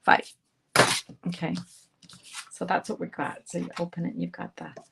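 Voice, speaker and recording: A woman hosting a live card-making demonstration. She chats brightly with viewers and greets them by name while she works. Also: on the low side, steady tone, moderate pace, vocal fry, heavy background noise. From Canada. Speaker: craft instructor hosting a live stream.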